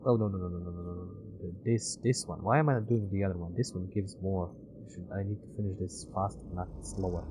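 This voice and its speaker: Man muttering over a game. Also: background noise. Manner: mutters to himself, low and offhand. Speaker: streamer. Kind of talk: let's-play commentary and narration. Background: music.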